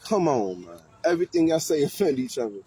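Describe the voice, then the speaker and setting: A man's voice: on the high side, fairly quick. A man hosting street interviews, talking casually and animatedly in slang to people passing by outdoors. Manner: animated, slangy, talks to passersby. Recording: faint street noise outdoors.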